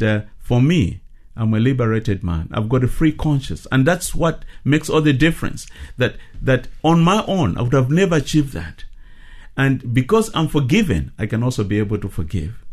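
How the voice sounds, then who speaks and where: A middle-aged man from South Africa, a ministry leader giving earnest, measured testimony in a radio interview. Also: mid-range voice.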